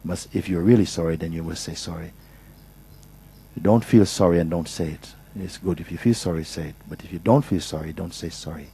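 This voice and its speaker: A man speaking as a spiritual teacher, patiently and softly giving advice at a gathering, often restarting his sentences. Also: sits low, fairly quick, gravelly, breathy edge, low-quality recording. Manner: patient, soft-spoken, with frequent restarts. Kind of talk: gentle advice in a question session.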